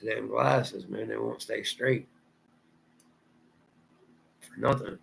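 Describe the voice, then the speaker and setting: A man's voice: lowish voice, steady tone, slow pace, creaky, a bit bright, a little hiss or hum, rough recording. A man from Ohio with a Southern drawl, rambling through a casual livestream chat and answering viewer comments aloud. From Ohio, USA. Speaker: livestream host.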